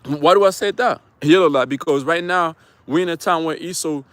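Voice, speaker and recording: A man's voice: fairly high pitch, brisk, fairly bright tone, dry recording. A man preaching from scripture on a live stream, rambling and emphatic, with frequent profanity and fillers, outdoors near traffic. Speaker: street preacher.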